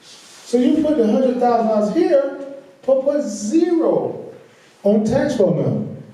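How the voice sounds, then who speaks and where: A man's voice: very high voice, big pitch swings, measured pace, warm tone. A man with a Southern drawl teaching a farm tax workshop, folksy and repeating his key points, laughing easily. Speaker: workshop instructor. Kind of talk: financial training lecture. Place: large echoey meeting room. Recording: echoey room, distant mic.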